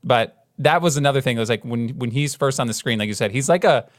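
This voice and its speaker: A man in his thirties co-hosting a podcast, talking in a mid-pitched voice. He rambles, restarts his sentences and acts out scenes as he retells them. The mic is close and dry, with no room sound. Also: fast talker, no room sound. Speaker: podcast co-host. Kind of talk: casual chat.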